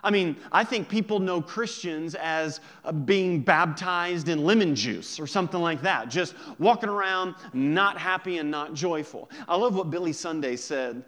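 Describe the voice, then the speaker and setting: A man pastor preaching a sermon in a conversational, joking way, drawing out key words slowly for emphasis. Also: on the high side, fairly bright tone.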